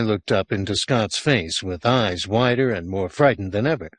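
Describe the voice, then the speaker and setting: A man reading a horror short story aloud as an audiobook narrator, measured and expressive. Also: lowish voice, no echo. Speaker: audiobook reader.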